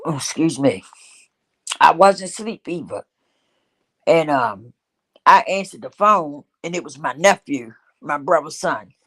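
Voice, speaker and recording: A woman's voice: deep voice, animated, measured pace, long pauses, breathy edge. A middle-aged woman hosting her own show, telling a personal story in an emotional, repetitive way and speaking straight to her listeners. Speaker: host.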